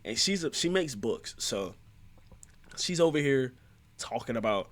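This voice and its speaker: A young man in a casual manga review vlog, talking in an excitable, slangy way. His pitch swings widely as he gets hyped, and he keeps breaking into laughter between plot recaps. His voice sits at an ordinary middle pitch for a man. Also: measured pace.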